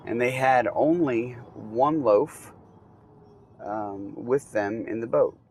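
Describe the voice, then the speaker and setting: Male Bible teacher, conversational and unhurried, recorded outdoors with faint traffic behind. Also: medium pitch, poor audio. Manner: relaxed, conversational, many ums and asides. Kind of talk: casual Bible reading and commentary.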